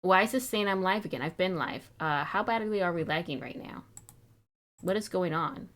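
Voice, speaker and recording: A woman's voice: lowish voice, normal speed, fairly bright tone. A young woman streaming live, chatting casually and fretting aloud in a rambling, wistful way, sounding a little sick.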